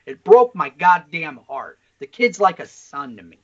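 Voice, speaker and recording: A man co-hosting a casual podcast, talking bluntly and swearing a lot as he tells a story with animated energy. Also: a little high, unhurried. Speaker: podcast co-host. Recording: slightly dull lo-fi sound.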